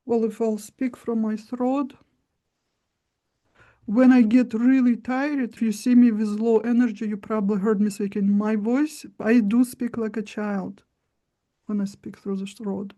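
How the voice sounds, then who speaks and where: A woman speaking as a guest coach in an interview, explaining in a slow, deliberate way with long pauses. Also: on the high side, fairly even intonation, mellow. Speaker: guest voice and body-language coach. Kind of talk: instructive interview talk.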